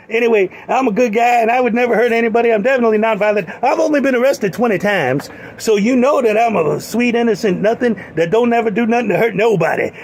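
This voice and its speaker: A man voicing a pushy, volatile male con-man salesman in a comedic parody monologue, moving between a hard-sell pitch and shouted threats. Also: slight background noise. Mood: sly.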